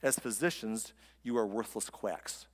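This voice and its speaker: A man's voice: fairly low pitch, unhurried, pitched below the performer's own voice, natural voice. A preacher reading the lines of a suffering, bitter man with sarcasm. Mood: bitter, sarcastic. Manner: sarcastic, pleading. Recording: long hall reverb.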